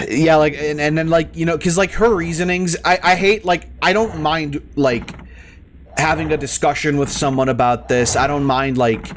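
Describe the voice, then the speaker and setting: There's slight background noise as a gaming streamer rants while he plays, his voice fairly high and a bit bright, with fairly even intonation at a moderate pace. He's exasperated and heated, swearing often and stumbling over his words.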